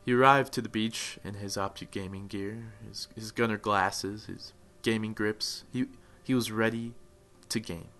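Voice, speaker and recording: A young man giving mock-dramatic motivational narration for a gaming video, swelling into loud, fervent peaks. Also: lowish voice, fairly even intonation, unhurried, hardly any pauses. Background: faint music.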